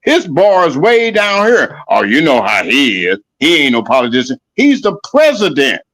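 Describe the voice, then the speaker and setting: A man's voice: fairly high pitch, wildly swooping pitch, normal speed, fairly bright tone. A man co-hosting a podcast, arguing his point in a heated casual debate and pressing it again and again. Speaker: podcast co-host.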